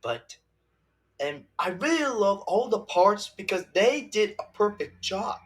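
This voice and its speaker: Young man, slow and halting, lively higher voice, casual rambling film review. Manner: rambling, halting, many restarts and fillers. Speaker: movie reviewer.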